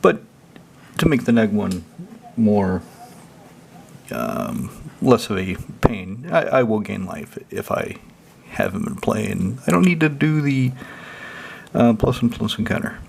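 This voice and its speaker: A man's voice: lowish voice, big pitch swings, unhurried, creaky, long pauses, darkish tone, slight background noise. A man hosting a casual deck walkthrough, rambling loosely and swearing freely. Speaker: deck-building channel host.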